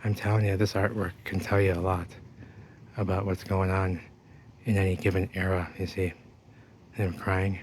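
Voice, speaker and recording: Low-voiced guy rambling on his walk by an old wall, faint outdoor hiss behind. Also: flat delivery, moderate pace. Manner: rambling, talks to viewers while walking. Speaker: vlogger. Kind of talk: walking explorer vlog.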